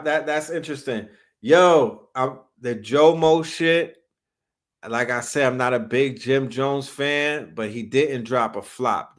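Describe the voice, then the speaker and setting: A man's voice: mid-range voice, fairly bright tone. A man from New York hosting a casual livestream, talking hip hop in loose slang and reacting to comments from chat. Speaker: livestream host.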